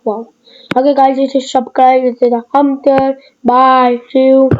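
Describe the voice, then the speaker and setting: A woman giving casual, rambling gameplay commentary in short excited bursts. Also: sits high, measured pace, highs cut off. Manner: excitable, rambling, broken phrasing. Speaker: gaming video creator.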